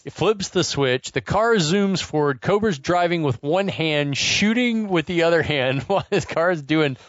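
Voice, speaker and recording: A man's voice: a little high, lively intonation, normal speed, no echo, highs cut off. A man co-hosting a podcast, animatedly recapping an action movie's chase scene in casual chat, swearing and incredulous. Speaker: podcast co-host.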